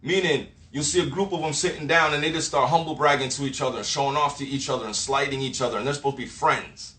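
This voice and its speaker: A man's voice: mid-range voice, fast talker. Fired-up profane man in an echoey room. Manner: animated, profane, slangy, mimics others with laughs and sound effects. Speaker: spiritual talk host. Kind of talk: casual monologue to viewers.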